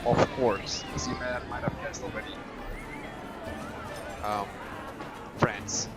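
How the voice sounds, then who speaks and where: A man with a heavy Spanish accent chats casually while he streams a game, and he thinks aloud with restarts along the way. His voice sits at an average pitch. Game music plays clearly behind him. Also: fairly even intonation, slow, low-quality recording. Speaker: gaming streamer. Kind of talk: casual gameplay chat.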